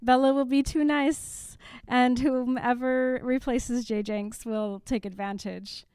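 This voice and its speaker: A woman's voice: on the high side, steady tone, takes it slowly, darkish tone, smooth, no echo. A woman co-hosting a podcast in casual chat, tossing in wry quips and laughing often. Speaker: podcast co-host.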